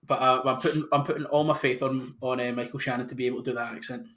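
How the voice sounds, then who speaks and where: A man's voice: medium pitch, fairly even intonation, fast, a bit bright, slight background noise. A man hosting a casual podcast chat, talking enthusiastically about casting with frequent restarts. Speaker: podcast host.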